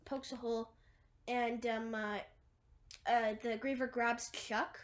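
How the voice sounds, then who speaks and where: A woman's voice: a little high, little pitch movement, takes it slowly. A woman casually retelling a movie plot, rambling through long chains of "and then" and fillers, with wry asides. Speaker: movie recapper.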